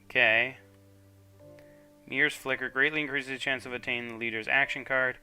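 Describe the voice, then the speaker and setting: A man's voice: medium pitch, fairly even intonation, moderate pace, pushed and bright, soft background music. A man streaming a video game, chatting casually and reading on-screen text aloud with frequent fillers. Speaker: gaming streamer.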